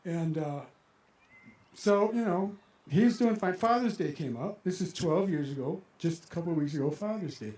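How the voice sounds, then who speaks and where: An older man in his sixties performs a personal story on stage, animated and emotional as he relives his own reactions. His voice sits fairly high for a man yet sounds mellow and warm. The sound is roomy, carried over a stage microphone. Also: moderate pace. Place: outdoor amphitheater.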